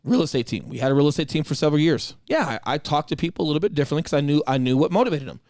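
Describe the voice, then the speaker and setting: A man's voice: on the high side, lively intonation, racing, darkish tone, no echo, clean studio sound. A man and former Marine co-hosting a podcast, talking casually in a blunt, direct way and swearing freely. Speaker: podcast co-host.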